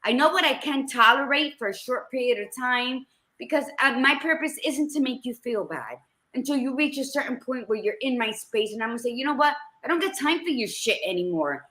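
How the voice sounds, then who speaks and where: A woman's voice: high voice, expressive, a little fast, sharp tone. A woman co-hosting a podcast, talking bluntly and animatedly and swearing freely. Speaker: podcast co-host. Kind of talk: candid podcast chat.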